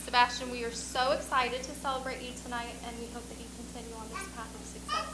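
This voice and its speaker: A woman's voice: on the high side, fast, background noise. A woman school staff member honoring a student, reading quotes from colleagues and speaking to him in a proud, encouraging way. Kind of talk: ceremony speech reading staff tributes.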